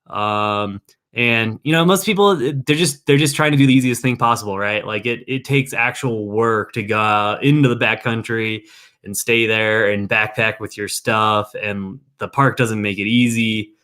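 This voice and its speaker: A man's voice: on the low side, moderate pace, sharp tone, clean tone. A young man working in a national park, chatting casually and rambling with lots of fillers. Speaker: park worker telling stories. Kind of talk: casual podcast chat.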